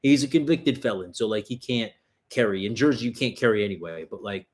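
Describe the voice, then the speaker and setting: A self-defense channel host livestreams in a fairly low voice, speaking a little fast. He tells rambling street-fight stories in casual chat thick with profanity.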